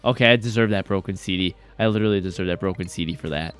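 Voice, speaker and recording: A man's voice: low voice, rapid-fire, clean tone, faint music behind. A man streaming a game, chatting casually in a rambling, jokey way and reacting to chat.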